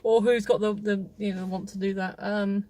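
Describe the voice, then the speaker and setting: A woman's voice: mid-range voice, little pitch movement, moderate pace, warm tone. Woman rambling about a movie, chatty, keeps laughing, casual review chat. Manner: rambling, chatty, laughs often, many restarts. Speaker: film reviewer, host.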